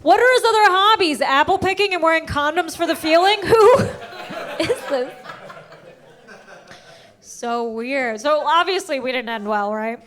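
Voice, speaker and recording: A woman with a high, bright-pitched voice performs stand-up comedy on a stage into a handheld mic. She tells her stories with lively, animated energy and often laughs at her own punchlines. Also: a little slow, pauses often.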